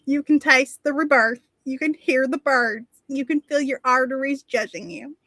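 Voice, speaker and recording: A woman voicing a small-town Southern woman reading local news in a slow, deadpan, mock-serious put-on Southern accent. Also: sits high, no room sound.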